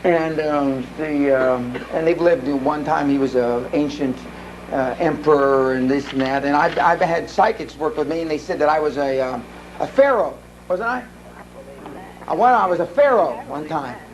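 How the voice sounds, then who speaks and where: A man's voice: fairly high pitch, moderate pace, slight background noise, low-quality recording. A man giving a live seminar talk, telling blunt, profane stories full of restarts. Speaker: seminar speaker. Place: seminar room.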